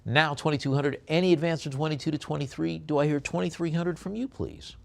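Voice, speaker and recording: Brisk chanting male auctioneer. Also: steady tone, vocal fry. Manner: brisk rhythmic chanting of bid increments; drops low and soft on a coaxing "please". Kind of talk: live auction bid calling.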